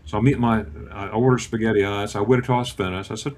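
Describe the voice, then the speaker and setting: A man in his fifties telling a casual travel story on a video call, acting out the dialogue as he goes. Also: quick pace. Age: 50s. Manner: animated, acts out dialogue with lively pitch swings.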